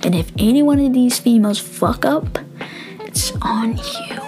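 A woman's voice: fairly high pitch, big pitch swings, a little slow, over music, pitched above the performer's own voice. A woman voicing a stern male army drill sergeant who barks clipped, demanding commands.

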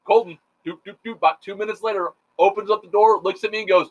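A middle-aged man with a high-pitched voice spins rambling, profanity-laced stories in a relaxed chat. He throws himself into quoting everyone involved. The recording sounds dull and lo-fi. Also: normal speed. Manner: rambling, profane, animated storyteller. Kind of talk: casual storytelling chat.

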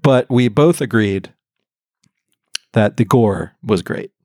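A man's voice: fairly low pitch, slow pace, a little mellow, no echo, clean studio sound. A man co-hosting a podcast in casual chat. He talks animatedly and laughs often. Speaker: podcast co-host.

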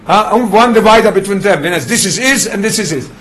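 High-voiced man teaching. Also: expressive, fast talker, fairly bright tone. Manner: mixes English with Yiddish and Hebrew terms, explains with examples. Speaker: Torah teacher. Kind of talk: classroom Torah lesson.

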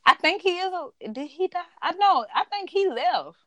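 A woman's voice: very high voice, very animated, normal speed, no echo, lo-fi sound. A woman co-hosting a casual TV recap chat, reacting expressively and agreeing often. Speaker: podcast co-host.

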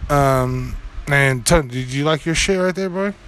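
A man's voice: fairly high pitch, moderate pace, fairly bright tone. Rambling profane young man, casual storytelling. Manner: rambling, profane, many fillers and restarts. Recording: faint background noise.

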